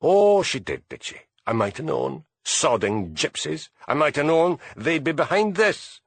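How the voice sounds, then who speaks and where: A man's voice: fairly high pitch, sing-song, a little slow, breathy edge, dry recording, pitched above the performer's own voice, exaggerated voice. A man voicing a brusque, scornful male police chief inspector in an audiobook.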